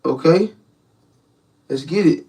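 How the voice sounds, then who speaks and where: A man's voice: a little high, takes it slowly, creaky, warm tone, distant mic, low-quality recording. A young man hosting a live reaction stream as a street preacher, talking in a slangy casual way, repeating words and addressing the chat directly. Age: young adult.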